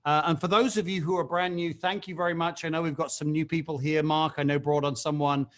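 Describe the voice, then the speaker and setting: A man's voice: on the high side, little pitch movement, fairly quick. A middle-aged man hosting a team video call, upbeat and chatty, with self-mocking jokes and frequent fillers. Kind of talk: energetic video call pep talk.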